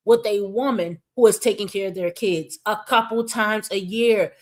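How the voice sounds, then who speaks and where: A woman's voice: medium pitch, normal speed. A woman giving reaction commentary on a livestream, blunt and exasperated, swearing freely as she talks to her chat. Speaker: commentary streamer.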